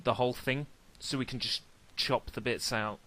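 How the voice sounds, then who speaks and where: A man hosting a livestream while he plays video games. He chats casually and jokes easily, and his voice is bright and crisp. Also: medium pitch, steady tone, moderate pace. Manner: joking, easygoing. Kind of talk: casual chat.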